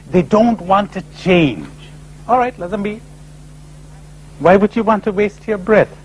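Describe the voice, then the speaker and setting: A man giving a lively spiritual conference talk, full of rhetorical questions and acted-out voices, on an old tape recording. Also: high-pitched, slight background noise, rough recording. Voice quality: animated, rhetorical, acting out imagined voices. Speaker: speaker at a spiritual retreat conference.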